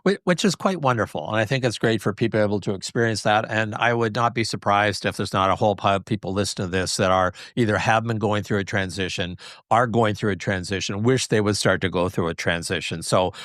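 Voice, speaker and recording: A man with a fairly low voice hosts a podcast over a remote call, easygoing and appreciative. The sound is dry and close. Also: fast, fairly bright tone, no room sound. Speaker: podcast host. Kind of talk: casual podcast conversation.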